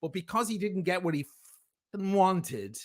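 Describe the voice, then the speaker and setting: A man's voice: high voice, sing-song, unhurried. A man speaking as a guest in a heated livestream discussion, defending himself emphatically and sarcastically. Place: lives in Venice.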